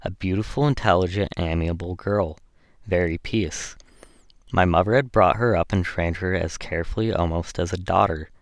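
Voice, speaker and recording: A male audiobook reader voicing a frank, earnest young gentleman in a plain, earnest delivery. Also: sits low, normal speed, dry recording, studio quality.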